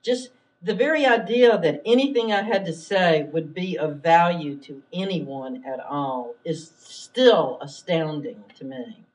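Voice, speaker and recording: A woman's voice: on the low side, measured pace, hardly any pauses, a little mellow. A woman author speaking in a thoughtful, self-deprecating way at a library event. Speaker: author on a panel. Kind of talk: unhurried conversation. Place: public library event room. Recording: distant mic at a live talk.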